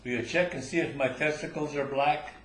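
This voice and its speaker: A man's voice: a little high, steady tone, a little fast, a bit bright, slight background noise, voice pushed up, lightly acted. An older man telling a joke, voicing an old male hospital patient who begs insistently, in an echoing room. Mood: pleading. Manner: begging, insistent.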